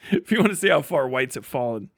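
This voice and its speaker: A man's voice: medium pitch, creaky, no room sound. Sweary Midwestern man with a dry close mic. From Wisconsin. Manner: blunt, sweary, laughs mid-sentence. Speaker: live streamer. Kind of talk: casual profane rant reacting to a video.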